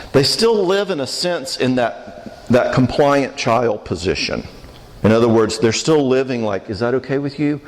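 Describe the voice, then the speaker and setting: A man giving a church marriage conference talk, conversational and joking, often asking the audience questions. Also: mid-range voice. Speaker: conference speaker. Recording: reverberant church hall.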